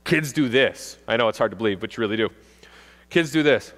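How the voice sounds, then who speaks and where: A man in his forties, a police officer, giving a joking, animated talk to kids and parents at a school assembly. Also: medium pitch, brisk. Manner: jokey, animated, acts out kids' voices. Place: school gym or auditorium. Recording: long reverb of a large hall.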